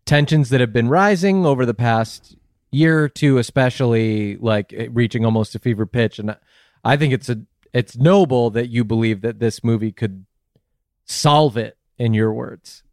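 Male host, deadpan, rambling questions, smooth voice, dry mic. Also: medium pitch, moderate pace, no echo. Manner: mock-serious, rambling questions. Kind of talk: deadpan comedic interview.

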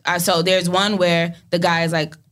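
A young woman, an actor guest in an interview, telling animated stories and acting out quotes. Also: fairly low pitch, moderate pace. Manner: animated storytelling, acts out quotes. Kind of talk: casual interview talk.

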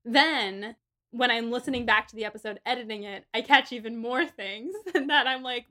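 Bright chatty woman podcast co-host. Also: on the high side, moderate pace. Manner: chatty and animated, laughs often. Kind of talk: casual book-club chat.

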